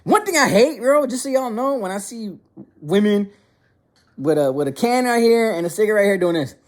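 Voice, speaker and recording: A man's voice: sits high, lively intonation, fairly quick. Slangy young man rambling through a story. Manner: slangy, rambling, repeats words and restarts often. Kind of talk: casual storytime monologue.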